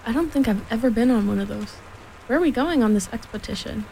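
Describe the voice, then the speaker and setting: An eager, friendly teddy bear with little wit speaks in a lifted, mellow voice, as a woman reads him aloud. Soft rain patters faintly behind the storybook. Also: a little high, lively intonation, fast talker, a little hiss or hum, low-quality recording.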